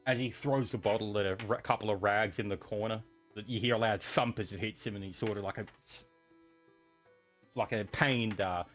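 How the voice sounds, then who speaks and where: A man's voice: lowish voice, fairly even intonation, normal speed, a bit bright, soft background music. A man narrating as game master of a tabletop game, rambling with many fillers and restarts.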